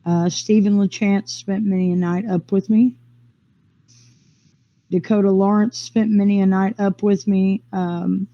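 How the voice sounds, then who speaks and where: A woman recounts her own experience in a loose, rambling way, full of fillers and restarts. Her voice is warm and mellow. The recording sounds dull and lo-fi. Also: mid-range voice. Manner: rambling, quick bursts with frequent fillers and restarts. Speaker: interviewee sharing a personal experience. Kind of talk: casual first-person storytelling.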